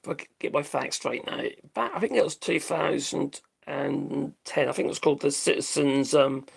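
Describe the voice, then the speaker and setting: A man's voice: a little high, moderate pace, creaky, breathy edge. A middle-aged British man hosting a live stream, ranting in a blunt, rambling, sweary way and laughing at his own jokes. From Britain. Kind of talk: casual live-stream commentary.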